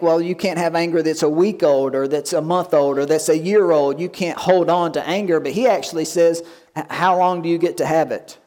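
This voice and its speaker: A man pastor giving a lively sermon, acting out quoted voices and asking the congregation questions. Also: fairly high pitch. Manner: animated preaching, acts out quoted voices.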